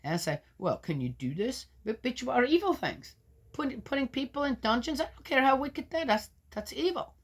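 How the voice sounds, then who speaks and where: A woman's voice: sits high, very animated, brisk, husky. A woman reading scripture aloud, breaking off into skeptical, argumentative asides that sink to a mutter. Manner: interrupts herself with doubting, argumentative remarks; loud when reading, drops to mutters for asides. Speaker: scripture reader and commentator.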